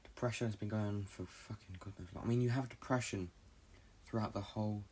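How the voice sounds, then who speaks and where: A young man from Britain hosting a solo podcast, talking in a halting, low-key, confessional way and swearing often. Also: steady tone, darkish tone, slightly rough. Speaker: podcast host. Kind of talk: rambling solo podcast monologue.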